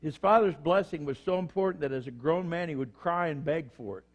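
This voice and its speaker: An older man delivers a sermon in a folksy, storytelling way. His voice sits a little high for a man, and he slips into the voices of the people in his stories. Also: a little fast. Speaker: pastor.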